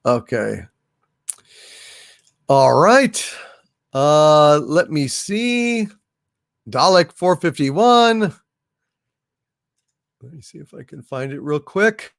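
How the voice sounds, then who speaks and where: A man's voice: a little high, sing-song, extremely slow, creaky, pauses often, no echo, studio quality. A man hosting a casual livestream, chatting and thanking viewers for their messages. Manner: chatty and appreciative, thanks viewers warmly and often. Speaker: livestream host.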